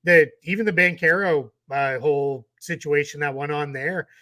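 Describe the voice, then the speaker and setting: A man's voice: a little high, normal speed, sharp tone. A tired man with a Boston accent, co-hosting a casual sports podcast and rambling through his points. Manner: chatty, rambling with restarts. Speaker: co-host.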